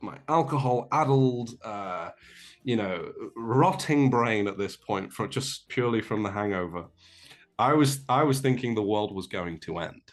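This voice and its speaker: A man's voice: fairly low pitch, expressive, unhurried, soft background music. A young English man, a guest on a remote call, telling a self-deprecating story in a rambling way, with many fillers and restarts. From England. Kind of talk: casual storytelling.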